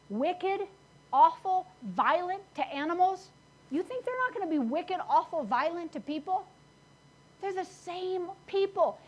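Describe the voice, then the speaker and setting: A woman's voice: extremely high pitch, poor audio. A woman pastor preaching a conversational sermon, plain-spoken and self-teasing, leaning hard on key words. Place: church service.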